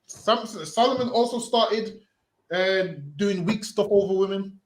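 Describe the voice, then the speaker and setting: A man street preaching forcefully, repeating himself and ending phrases with "man". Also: sits high, steady tone, measured pace, roomy sound.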